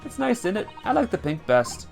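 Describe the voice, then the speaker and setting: Picture a scrappy, streetwise Cockney girl pickpocket, as a man puts her on while reading a game aloud. Her voice jumps up high and swings through a lively, animated pitch, full of slang and dropped endings. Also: brisk, creaky, soft background music, heavily acted. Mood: chatty.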